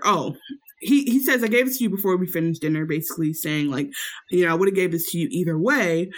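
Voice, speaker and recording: A woman co-hosting a podcast, telling a story in casual chat and acting out quotes with sudden jumps in pitch. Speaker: podcast co-host recapping a reality show.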